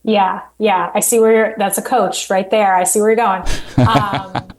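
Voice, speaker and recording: A woman's voice: mid-range voice, steady tone, normal speed, low-quality recording. Chatty woman guest on a podcast. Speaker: guest, coach. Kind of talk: conversational interview.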